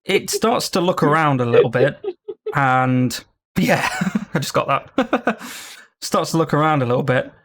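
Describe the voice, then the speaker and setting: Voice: mid-range voice, big pitch swings, unhurried. A game master narrating a tabletop game with loose, laughing delivery.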